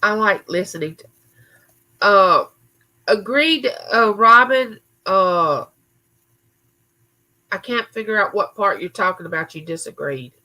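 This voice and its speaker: A woman's voice: mid-range voice, expressive, slow, long pauses, pushed and bright, low-quality recording. A woman hosting a casual live chat from her home recording room, reading viewer comments aloud and answering people by name. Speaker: livestream host.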